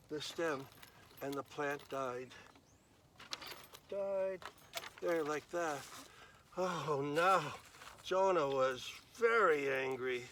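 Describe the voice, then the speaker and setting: A man tells a Bible story in a folksy, homey devotional style. His voice sits slightly high. A faint hum of vehicle noise sits underneath. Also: a bit bright, poor audio. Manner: homey, conversational, clears throat often. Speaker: devotional speaker.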